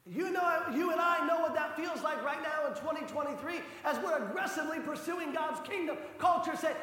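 A pastor preaching a passionate sermon, his voice rising to shouts for emphasis. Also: very high voice, expressive, a little fast, few pauses. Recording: echoey hall reverb.

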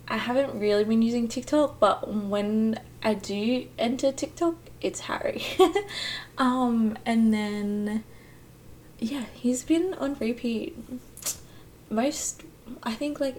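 A woman's voice: on the high side, a little mellow. A young woman hosting a casual solo podcast, chatty and giggly with lots of ums and likes. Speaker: podcast host. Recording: distant mic with faint hum.

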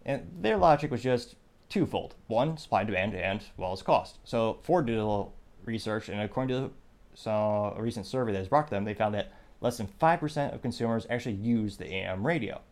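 A man's voice: fairly low pitch, expressive, a little fast, a little mellow. A man hosting a podcast, delivering opinionated news commentary with sarcastic, wry asides. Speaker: podcast host.

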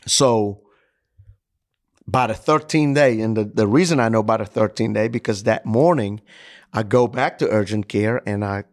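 A man's voice: on the low side, normal speed, no room sound, studio quality. Man telling a story, acting out voices. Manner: animated, acts out dialogue. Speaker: coach, interview guest. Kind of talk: personal storytelling in a podcast interview.

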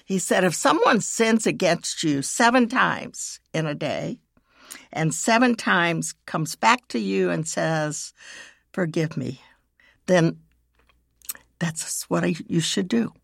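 Woman host, low gravelly voice, slow and gentle devotional delivery, dry close recording. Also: animated, no room sound. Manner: slow, gentle, reading scripture and prayers aloud. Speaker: podcast host. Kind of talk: devotional teaching with read prayers.

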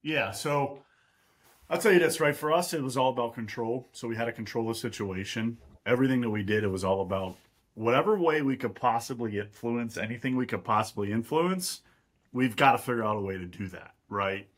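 A man's voice: medium pitch, brisk. A man from Pittsburgh, a real estate investor, explaining at length as a guest in a podcast interview and often checking in with "right?". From Pittsburgh, USA.

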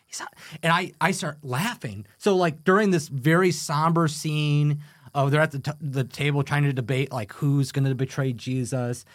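A man telling funny stories as a guest on a podcast, animated and quick to laugh. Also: on the high side, dry recording, clean studio sound. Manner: animated storyteller, laughs often. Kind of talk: casual chat.

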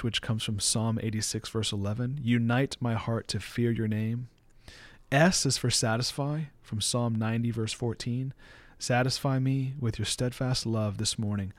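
A man preaching as a pastor, earnest and plain-spoken, reading verses slowly and deliberately. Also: medium pitch, dry recording. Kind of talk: sermon teaching.

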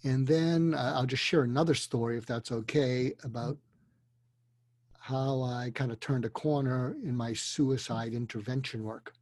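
An older man, a psychiatrist, telling a story earnestly and deliberately, dropping to a hush for emotional moments. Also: mid-range voice, fairly even intonation, dry recording. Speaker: guest, psychiatrist. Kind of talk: storytelling in a conversation. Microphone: video call.

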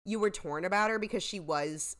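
A woman's voice: medium pitch, a little fast, fairly bright tone. A woman co-hosting a podcast, chatting casually with lots of filler words and some swearing. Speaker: podcast co-host. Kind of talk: casual chat.

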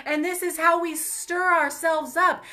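Young female ministry host, heartfelt testimony delivery, high bright voice. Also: fairly even intonation, measured pace. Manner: earnest, emotional, addresses viewers as you guys. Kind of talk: personal testimony and encouragement.

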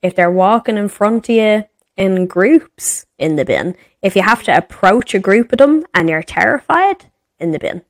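A woman's voice: medium pitch, animated, moderate pace, no room sound. A woman in her thirties with an Irish accent, co-hosting a podcast and ranting in an exasperated, sweary way. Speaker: podcast co-host. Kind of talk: casual chat.

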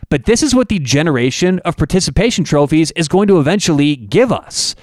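A podcast host who also owns the network delivers an opinionated, emphatic monologue packed with rhetorical questions. His voice sits on the high side, and the recording is dry with clean studio sound.

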